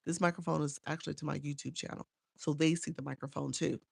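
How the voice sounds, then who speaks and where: A chatty woman with a gravelly, creaky edge to her voice coaches live streamers and answers viewers by name. She repeats her points as she goes. The sound is dry and close, recorded on a phone. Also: low voice, steady tone, fast talker, a little mellow, dry recording.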